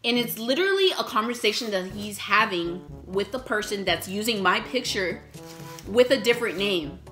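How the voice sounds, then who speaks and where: A young woman vlogger telling a storytime while eating, animated, swearing often and acting out the messages she got. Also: mid-range voice, moderate pace, faint music behind.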